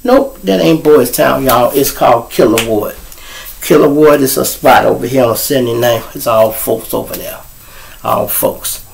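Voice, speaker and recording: A man's voice: medium pitch, normal speed, gravelly, slight background noise, poor audio. A middle-aged man, the host, telling street stories in a casual, profane monologue aimed straight at his viewers. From Chicago. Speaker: storyteller host.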